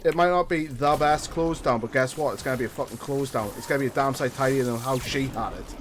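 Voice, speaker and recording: A man's voice: mid-range voice, quick pace, slight background noise. A man streaming a game, telling a story in a ranting, profane way. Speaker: gaming streamer. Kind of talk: casual gameplay chat.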